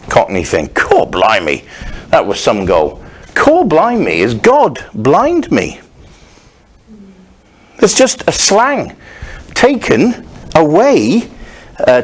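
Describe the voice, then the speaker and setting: A man's voice: fairly high pitch, breathy edge. A man preaching a sermon as pastor, talking in a conversational, wandering way with frequent restarts and humorous asides. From Scotland.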